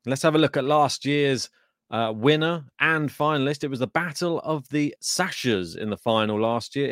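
A man's voice: mid-range voice, no echo. Male podcast host, loose chatty delivery, dry close sound. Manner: chatty, thinking aloud with fillers. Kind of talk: casual tennis preview chat.

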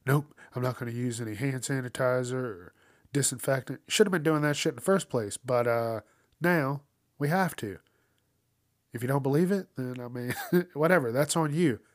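A man's voice: medium pitch, normal speed, dry recording, clean studio sound. A man hosting a casual news commentary show, swearing often and ranting with frequent laughs. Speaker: host.

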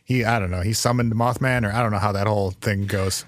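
A man's voice: fairly low pitch, fairly even intonation, quick pace, no echo, clean studio sound. A man co-hosting a podcast, reading out facts casually and laughing often. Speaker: podcast co-host. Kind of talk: casual chat.

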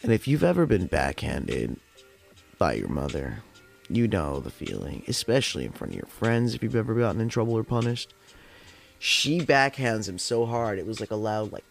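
A man's voice: on the low side, creaky. A young man hosting a podcast, telling a long story in a rambling, chatty way with plenty of swearing. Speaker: podcast host. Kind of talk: casual storytelling. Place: at home during a smoke session. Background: faint lo-fi jazz hop music.

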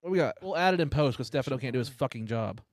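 A man's voice: mid-range voice, rapid-fire, dry recording, clean studio sound. An American man hosting a podcast, joking crudely and animatedly with his co-host. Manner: profane, animated, jokey. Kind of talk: crude casual podcast banter.

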